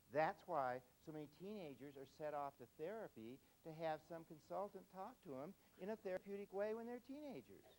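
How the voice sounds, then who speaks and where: Animated male speaker for a parenting seminar, lively and expressive pitch, acts out scenes. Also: slight background noise, poor audio. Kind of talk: live parenting seminar with acted-out examples.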